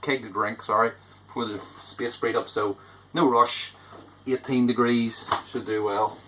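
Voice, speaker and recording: In a home-brewing vlog, a man chats casually at a measured pace, rambling and poking fun at himself. His medium-pitched voice holds a steady tone, with background noise behind him.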